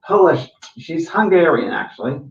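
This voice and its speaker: A man's voice: on the high side, big pitch swings, moderate pace, gravelly. A middle-aged man hosting as a psychic medium, reading viewer comments aloud and affirming them in a chatty way before telling a story. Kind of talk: live stream reading comments. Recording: echoey, distant, dull sound.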